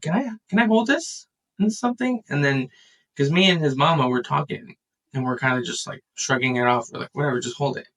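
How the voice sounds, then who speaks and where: A man in a casual podcast chat, telling a family story with lively acted-out quotes. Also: medium pitch, recorded from a distance, poor audio. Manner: animated storyteller, acts out quotes.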